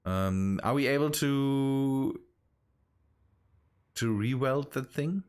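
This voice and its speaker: A man's voice: mid-range voice, darkish tone, clear, resonant tone. A man streaming a building game, chatting casually with teammates and often restarting his sentences as he plays. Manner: halting, restarts phrases while busy. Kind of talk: casual gaming chat.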